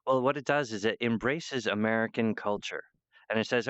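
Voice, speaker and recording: A man's voice: lowish voice, normal speed, a bit bright, clean tone, dry recording, highs cut off. A man giving a meandering spiritual monologue, full of fillers and restarts.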